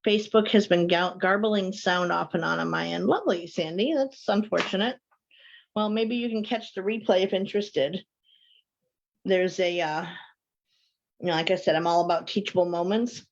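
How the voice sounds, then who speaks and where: A woman's voice: lowish voice, moderate pace, creaky, dull audio. A woman hosting a live call-in show, chatting with viewers, reading their comments aloud and telling stories. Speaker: host.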